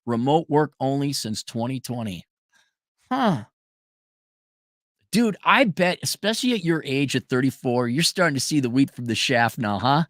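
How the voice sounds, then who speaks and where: A man's voice: medium pitch, moderate pace, no echo, clean studio sound. A man hosting a casual livestream who reads out viewer donations and answers them in a blunt, sarcastic and profane way. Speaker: show host reading viewer donations.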